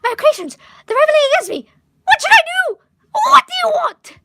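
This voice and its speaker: Girl doing a shrill fake-british guy, super high and yelling. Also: big pitch swings, brisk, noisy background. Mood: dramatic. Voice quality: shrill, shouty. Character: theatrical man with a put-on British accent.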